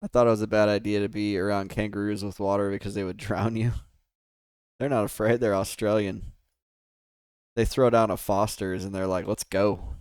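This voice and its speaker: A man's voice: on the low side, little pitch movement, moderate pace, smooth, no room sound, clean studio sound. An American man livestreaming a game, chatting casually and rambling with his viewers, laughing often. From United States. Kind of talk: casual gaming stream chat.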